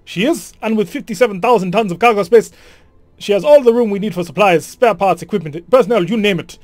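A man's voice: high voice, expressive, fast, dry recording, voice pushed up. A man voicing a chatty, proud female ship engineer in a game, putting on an accent that he admits he cannot do. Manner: attempted accent, awkward.

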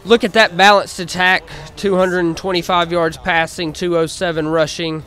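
A man giving casual play-by-play commentary over his own video game, calling each play like a sportscaster with relaxed fillers in between. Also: sits high, moderate pace, soft background music.

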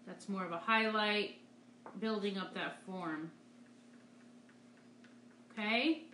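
A woman's voice: medium pitch, slow, bright, forceful tone, reverberant, slight background noise. A woman art teacher giving a live painting demonstration, upbeat and encouraging as she talks through each stroke. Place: art studio.

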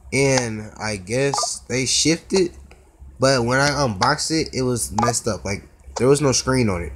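A man talks through mobile gameplay, quick to exclaim and groan at every try. The phone recording has clear background noise and tapping clicks. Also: mid-range voice. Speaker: gaming YouTuber. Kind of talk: casual mobile gameplay commentary.

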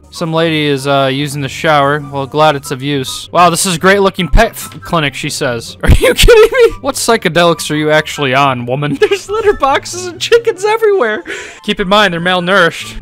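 A man's voice: fairly high pitch, a bit bright. A man commenting sarcastically on a video game as he plays, laughing often and feigning outrage. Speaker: gaming streamer.

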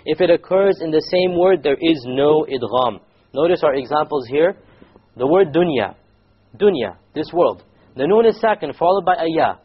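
A man teaching a recitation class, patiently repeating points, quizzing the students and slowly demonstrating words. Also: on the high side, husky, dull audio.

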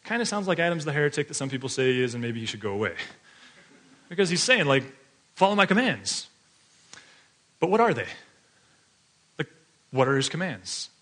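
Male pastor, bright and forward tone, casual storytelling sermon, loose and filler-heavy. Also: mid-range voice, big pitch swings, quick pace, pauses often. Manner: chatty, filler-heavy, often laughing while telling stories.

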